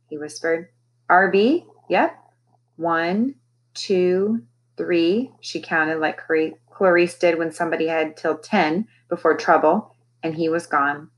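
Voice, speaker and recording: A woman's voice: lowish voice, a little slow, a bit bright. A woman, a teacher, reading a children's novel aloud expressively and raising her voice for the characters' lines.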